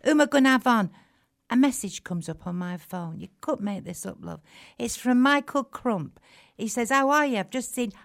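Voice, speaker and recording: A woman's voice: a little high, expressive, normal speed, gravelly. Homely chatty woman podcast host. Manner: chatty, homely, calls people love. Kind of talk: comic character chat.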